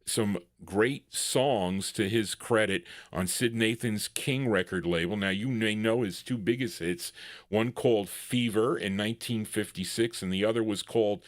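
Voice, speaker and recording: A man with a low voice hosts a live oldies record show. He rambles in a relaxed, halting way, full of fillers, and keeps calling his listeners folks. The sound is close and dry, with no room echo. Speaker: radio show host and DJ. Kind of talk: casual live radio patter.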